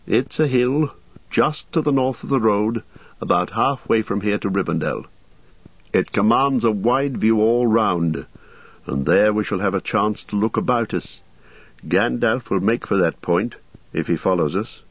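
A man voicing a grave, watchful male ranger in an audiobook, speaking slowly and solemnly. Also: on the low side, animated, no room sound. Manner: slow, solemn and measured. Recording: slightly muffled recording.

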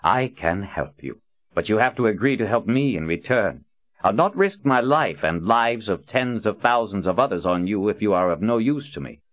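A man's voice: lowish voice, expressive, normal speed, no echo, pitched above the performer's own voice, natural voice. A man voicing a theatrical old prophet, silky and mocking. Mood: stern. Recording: dull lo-fi audiobook recording.

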